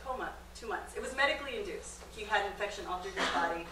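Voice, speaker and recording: A woman's voice: fast talker, heavy background noise. A middle-aged woman, a documentary filmmaker, giving a comedic storytelling talk on stage and acting out the voices in her story. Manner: animated storyteller, acts out quotes with big pitch jumps. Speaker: guest lecturer, documentary filmmaker. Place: comedy club stage with audience. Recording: roomy live-venue sound, distant mic.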